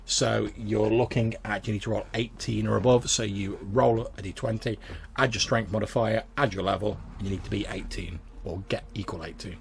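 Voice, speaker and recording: Gravelly game master. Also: male voice, lowish voice, fairly even intonation, normal speed. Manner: casual, rambling, filler-heavy. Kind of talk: narrating a tabletop game.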